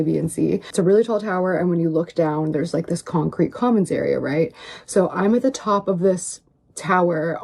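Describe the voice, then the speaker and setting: A woman's voice: lowish voice, vocal fry, warm tone, breathy edge. A woman earnestly recounting a long story, rambling and filling her talk with "like". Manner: rambling, heavy on "like". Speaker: online personality in a played clip.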